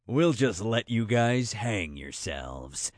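Snowclaw, a man doing a deep amiable beast. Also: sing-song, slow, no echo, clean studio sound. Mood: amused. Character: amiable cat-bear creature, gruff male.

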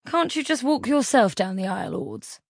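A woman's voice: fairly high pitch, lively intonation, normal speed, dry recording, studio quality, pitched above the performer's own voice. A woman voicing a lazy, flamboyant theatrical man who speaks in a drawling, sardonic way. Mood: teasing. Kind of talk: audiobook character voice.

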